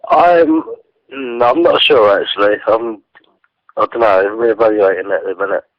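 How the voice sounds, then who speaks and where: A man's voice: lowish voice, moderate pace, dry recording. A man calling into a radio show by mobile phone, answering hesitantly, with plenty of fillers. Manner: hesitant, filler-heavy replies. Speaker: phone-in guest, fellow radio host. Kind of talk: casual chat on the phone. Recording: dry tinny phone line.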